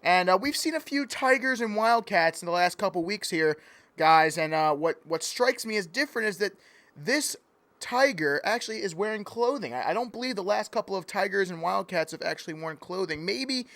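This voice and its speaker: A man's voice: high-pitched, lively intonation, normal speed, fairly bright tone, dry recording. A man calling play-by-play in a joking mock sports broadcast, playful and easily sidetracked. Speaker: play-by-play commentator.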